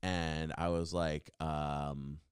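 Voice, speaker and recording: A young adult man hosting a podcast, telling a comedic story in a rambling, animated way full of fillers and restarts. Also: extremely low pitch, drawn-out words, clear, resonant tone, no echo, studio quality. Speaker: podcast host.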